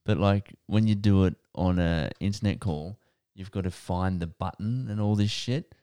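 An Australian man co-hosting a podcast, telling rambling stories in a low-key casual chat. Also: moderate pace, dark tone, clear, resonant tone, no room sound, studio quality. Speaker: podcast co-host.

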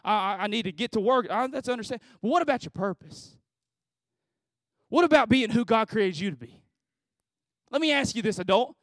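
High-voiced man in his thirties preaching. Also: expressive, moderate pace, pauses often, fairly bright tone, dry recording. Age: 30s. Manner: conversational, repeats phrases, asks the audience rhetorical questions. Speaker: pastor. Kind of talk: sermon. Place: graduation service hall.

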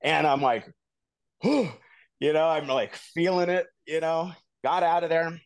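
A man co-hosting a podcast, telling a long personal story in a casual, animated way full of "like" and "you know.". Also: on the high side, normal speed, clear, resonant tone, dry recording. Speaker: podcast co-host.

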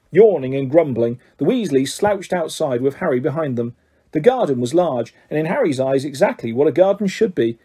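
A man reading a children's fantasy story aloud, narrating in a steady, measured way. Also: fairly high pitch, breathy edge. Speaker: audiobook reader.

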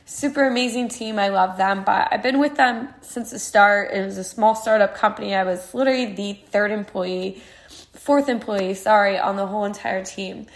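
Woman, twenties, podcast host, candid, heartfelt, casual, mid-pitched. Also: normal speed. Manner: candid, heartfelt, frequent "like" fillers. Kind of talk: casual personal monologue.

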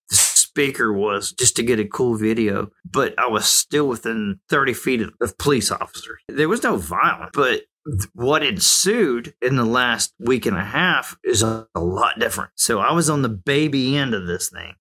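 A man's voice: medium pitch, pushed and bright. A man in his forties from the United States, giving an emphatic, opinionated monologue that rises to heated outbursts. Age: 40s.

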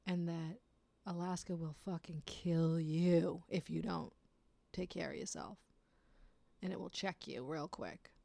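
A woman's voice: lowish voice, fairly even intonation, a little slow, creaky, dark tone, dry recording. A woman telling a rambling personal story in a casual way, swearing often and laughing at herself.

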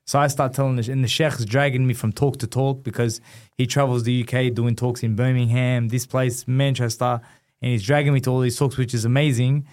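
Animated man telling a story. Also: medium pitch, brisk. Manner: animated, acts out quotes. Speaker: guest, former boxing champion. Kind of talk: storytelling in a podcast interview.

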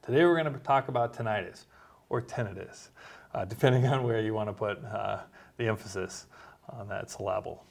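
A man, a doctor co-hosting a casual medical chat, talking in a relaxed, halting way with many fillers. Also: on the low side, vocal fry. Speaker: doctor and co-host.

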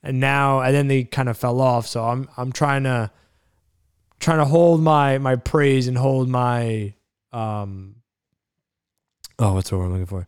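A man with a smooth, resonant voice at an ordinary middle pitch. He talks casually on a podcast, restarting sentences and searching for the right word. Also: steady tone, measured pace, pauses often. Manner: thinking aloud, restarts, searching for words. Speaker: podcast co-host. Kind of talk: casual chat.

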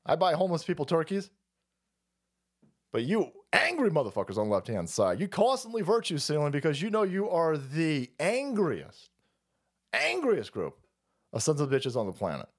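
A man's voice: on the high side, wildly swooping pitch, normal speed. A man hosting a livestream, delivering profane, heated political rants. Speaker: livestream host. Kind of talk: ranting political commentary stream.

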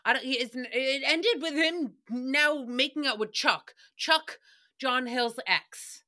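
A woman's voice: sits high, slow pace, sharp tone. A woman hosting a podcast, giving a sassy, giggly comedic recap in a chatty monologue. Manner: sassy, giggly, jumps between voices and rhymes. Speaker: podcast host.

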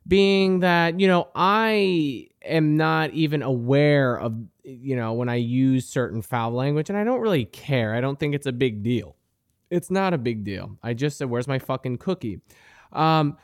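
A man's voice: medium pitch, expressive, normal speed, no echo, clean studio sound. A young man hosting a podcast, telling a profane comic story, crude and indignant. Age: young adult. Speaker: podcast host. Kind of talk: comedic storytelling monologue.

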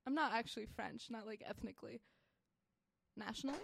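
A young woman co-hosting a podcast, chatting casually in an animated, joking way. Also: a little high, fairly quick, creaky, slight background noise. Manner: animated, joking, breaks into mock voices. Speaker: podcast co-host. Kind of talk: casual chat.

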